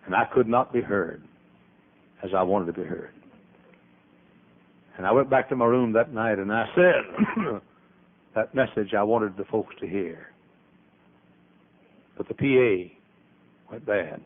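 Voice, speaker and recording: An older man preaching a sermon as pastor, emphatic, with sudden loud rises and trailing, dropped endings. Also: lowish voice, lively intonation, a little slow, long pauses. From American. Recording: tinny phone-like archival audio.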